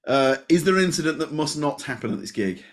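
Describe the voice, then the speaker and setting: A man's voice: fairly high pitch, lively intonation, fast talker. A man hosting a podcast, reacting with exclamations and asking his guest questions. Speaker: podcast host. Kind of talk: casual interview.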